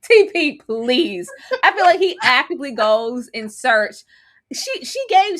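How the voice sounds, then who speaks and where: A woman co-hosting a reality TV review show in casual chat, animated and full of exaggerated disgust. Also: sits high, unhurried.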